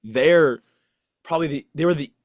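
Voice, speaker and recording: A young man co-hosts a podcast in a voice on the high side, at normal speed, recorded with studio quality and no echo. His casual chat rambles and runs self-deprecating, full of restarts and fillers.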